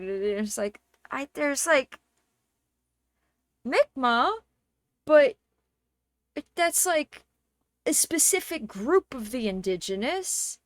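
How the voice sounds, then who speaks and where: High-voiced woman, slow exasperated retelling. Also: no room sound. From Canada. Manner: exasperated, animated retelling with swearing and filler words. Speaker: streamer. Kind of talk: casual storytelling to stream chat.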